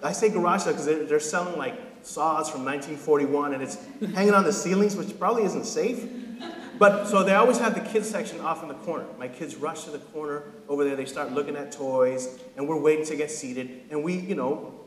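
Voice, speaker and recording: Man, 30s, pastor, casual joking sermon, slightly high voice, echoey church hall. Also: a little fast. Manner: casual and joking, often checks in with "right?". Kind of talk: conversational sermon. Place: church sanctuary. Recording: echoey hall with long reverb.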